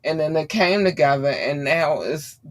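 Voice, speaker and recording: A woman's voice: sits low, lively intonation, normal speed. Blunt, cursing woman podcast host. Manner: blunt, heated, cursing freely. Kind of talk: profane ranting commentary.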